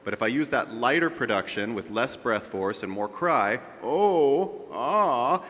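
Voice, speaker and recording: A man's voice: lowish voice, animated, normal speed, sharp tone, long reverb tail. A man teaching a live group voice lesson as a vocal coach, explaining technique and demonstrating sounds.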